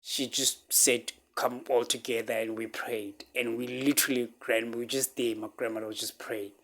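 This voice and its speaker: A man from Africa, telling a personal story to his viewers in halting speech full of fillers, restarts and repeated phrases. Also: medium pitch, level tone, vocal fry, fairly bright tone. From South Africa. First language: a local South African language. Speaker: vlogger.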